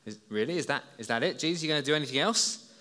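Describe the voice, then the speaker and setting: Male preacher, animated storyteller, bright tone, echoing church hall. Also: a little high, very fast. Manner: lively, storytelling, talks to listeners as "you". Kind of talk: children's talk sermon. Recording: long hall reverb.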